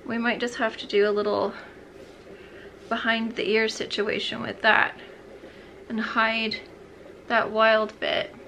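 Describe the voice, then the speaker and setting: A woman's voice: a little high, level tone, takes it slowly, creaky, long pauses, bright, forceful tone, a little hiss or hum. A young woman vlogging as she gets ready, chatting in a bubbly, rambling way and talking to herself as she goes. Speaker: beauty vlogger. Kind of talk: chatty get-ready-with-me vlog.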